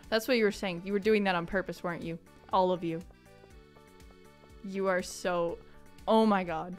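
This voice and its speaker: A woman's voice: on the low side, fairly even intonation, normal speed, pauses often. Woman live-streaming a farm game, playful and chatty, reads chat aloud, faint music behind. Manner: chatty and playful, answers chat, mock outrage.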